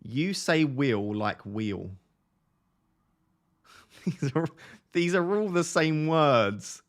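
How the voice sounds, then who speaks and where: A young man from Essex with a softened Essex accent, chatting casually on a live stream, reading out viewer questions and laughing often. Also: a little high, lively intonation, slow pace, smooth. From Essex, England. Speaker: fantasy football streamer.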